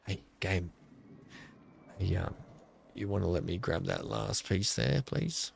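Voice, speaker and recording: A man's voice: sits low, expressive, slow, gravelly, slight background noise. A man streaming a park-building game, chatting casually with viewers, thinking aloud with lots of fillers and poking fun at himself. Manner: rambling, self-mocking, thinks aloud with many fillers.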